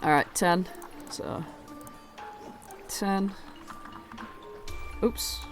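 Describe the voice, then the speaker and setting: A woman's voice: lowish voice, drawn-out words, music in the background. A woman acting as dungeon master, explaining the scene in a chatty way and correcting herself as she goes. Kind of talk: running a tabletop game.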